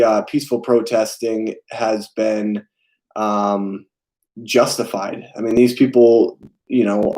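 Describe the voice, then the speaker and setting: A young man hosts a relaxed live stream chat, his voice mellow and unforced. He speaks haltingly, filling pauses with ums while he reads and answers viewers' messages. His pitch sits in an ordinary middle range. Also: rough recording. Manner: hesitant, many fillers, reads and answers chat. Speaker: film channel host.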